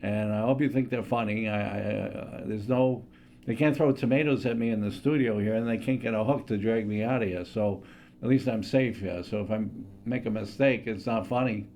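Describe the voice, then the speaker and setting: A man's voice: on the low side, moderate pace, darkish tone, a little hiss or hum. A man in his sixties hosting a show in a studio, chatty and self-deprecating as he introduces a comedy routine. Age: 60s. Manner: chatty, self-deprecating, hesitant with many fillers. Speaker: host. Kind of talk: stand-up impressions routine.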